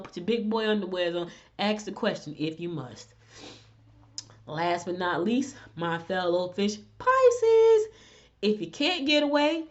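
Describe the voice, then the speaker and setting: A middle-aged woman with a blend of Southern and Northern US accent, hosting and telling stories in casual chat, animated and direct. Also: mid-range voice. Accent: mix of Southern US and Northern US. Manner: animated storyteller, chatty and direct. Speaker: host. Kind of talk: casual chat and horoscope reading. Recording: dull lo-fi recording.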